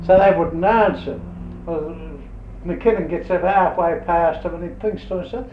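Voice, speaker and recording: A man's voice: high-pitched, moderate pace. Older man spinning yarns. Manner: rambling, earthy, chuckling anecdotes. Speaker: interviewee. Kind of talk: oral history storytelling. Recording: dull roomy old tape with hiss.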